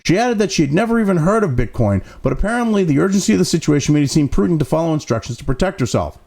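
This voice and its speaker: Gravelly-voiced male commentary host, profane and sarcastic, pitch swinging wildly between read-outs and rants. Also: expressive, very fast, a little mellow. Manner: mocking asides between read-out passages. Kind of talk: ranting news commentary, reading article excerpts.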